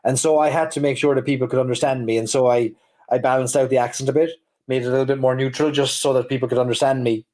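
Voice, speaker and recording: A man's voice: mid-range voice, steady tone, fast talker, darkish tone. A man with a Cork Irish accent, co-hosting a livestream chat and telling stories with easy laughs. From Ireland. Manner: chatty storyteller, laughs easily. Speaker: livestream co-host. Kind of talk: casual chat.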